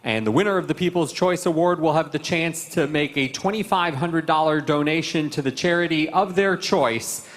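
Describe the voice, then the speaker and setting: Man, fairly high voice, formal awards announcer, live horse show ceremony, long arena reverb. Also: normal speed. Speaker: event announcer.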